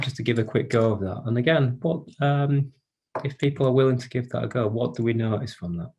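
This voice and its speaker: A man presenting an online workshop for carers over a video call, speaking in a gentle, inviting way with frequent hesitations and restarts. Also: medium pitch, brisk, breathy edge.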